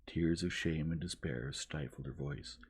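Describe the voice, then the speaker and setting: A man narrating a classic novel in a slow, hushed and gentle ASMR reading voice. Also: extremely low pitch, breathy edge.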